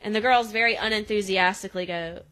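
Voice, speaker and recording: A young adult woman recaps a show episode on a podcast in a loose, chatty way. She laughs often and throws herself into quoting the characters. Her voice sits at an everyday middle pitch. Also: fast. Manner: animated, laughs often, acts out quoted lines. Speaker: podcast co-host. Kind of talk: casual recap chat, acting out quotes.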